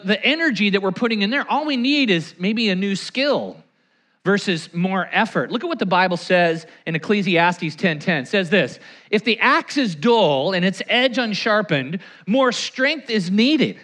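A man preaches with a high, bright voice that swings widely up and down. He tells stories and acts out the people in them. He calls on his listeners to repeat lines back to him. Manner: animated, acts out anecdotes and quotes; leads the congregation in call-and-response. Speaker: pastor. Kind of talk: sermon.

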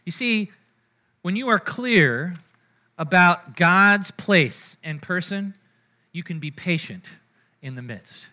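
Man, pastor, sermon, high voice, conversational, loud-to-hushed swings. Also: animated, slow, pauses often. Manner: conversational preaching, frequent "right?" and "amen?" asides to the congregation.

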